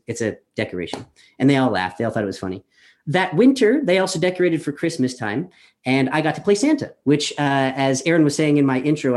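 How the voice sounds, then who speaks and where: A man's voice: medium pitch, darkish tone. A man in his thirties, originally from Colorado, tells a true story to a live audience over a video call. He talks casually and pokes fun at himself, with frequent ums and uhs. He is speaking into a webcam from home. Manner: chatty, self-deprecating, many fillers. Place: his apartment.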